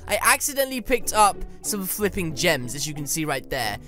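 A woman giving excitable, playful gameplay commentary, melodramatic and mock-indignant. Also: on the low side, normal speed, soft background music. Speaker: gaming YouTuber.

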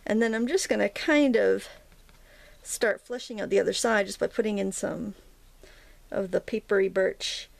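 A woman's voice: mid-range voice, steady tone, moderate pace, gravelly, dry recording. A woman in her thirties hosting a casual painting tutorial, chatty and rambling, with lots of ums as she works. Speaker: craft video host.

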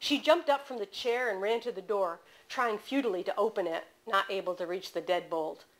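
A woman author reading aloud from her novel in a bookstore, measured and expressive. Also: medium pitch.

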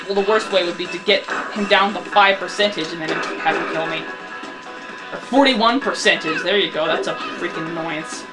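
A woman giving casual gameplay commentary who rants in frustration and breaks into shouting. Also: mid-range voice, normal speed. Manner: frustrated ranting, bursts into shouting. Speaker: let's play commentator. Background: video game music.

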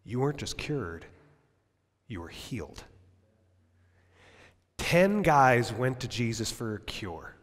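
A male pastor preaching a sermon at a church service, impassioned, swinging from loud emphasis down to near-whispers. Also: medium pitch, sing-song, takes it slowly, long pauses, big-room sound.

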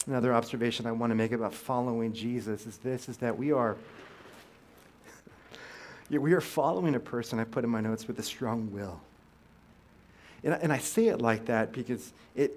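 A male pastor giving a conversational sermon in church, asking the congregation questions and restarting his sentences often. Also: medium pitch. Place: church sanctuary.

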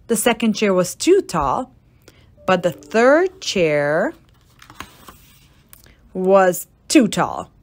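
A woman reads a children's storybook aloud, taking her time over each phrase. Her pitch rises and falls in wide, playful swings. She drops dry, deadpan asides into the tale. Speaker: storybook reader.

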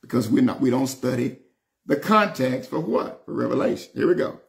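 A man teaching a Bible study as a bishop, reading scripture slowly and breaking into excited, high-pitched bursts. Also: gravelly.

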